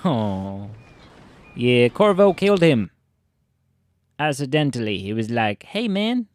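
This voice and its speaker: Rambling, jokey gaming host. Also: male voice, mid-range voice, expressive, slow. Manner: rambling, jokey, self-interrupting. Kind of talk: casual let's-play commentary.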